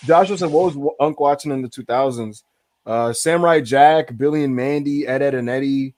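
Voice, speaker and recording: A man co-hosting a casual podcast chat, animated and laughing, swearing freely. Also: mid-range voice, a little fast, no room sound. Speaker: podcast co-host.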